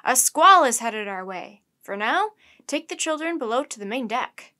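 Storybook captain read by a woman: stern man shouting orders over a storm. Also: fairly high pitch, expressive, normal speed. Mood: commanding. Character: booming stern male ship captain.

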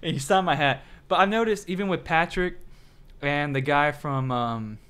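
A man's voice: on the high side, moderate pace, a bit bright, clear, resonant tone. A man hosting a casual late-night podcast, rambling through stories and acting out quotes. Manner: rambling storyteller, acts out quotes. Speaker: podcast host.

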